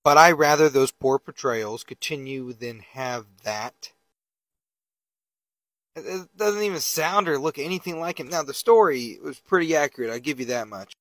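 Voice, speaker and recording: A man's voice: fairly high pitch, expressive, moderate pace, fairly bright tone, dry recording. A man giving casual, indignant commentary to camera, emphatic, with stammered restarts. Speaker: relative of a public figure.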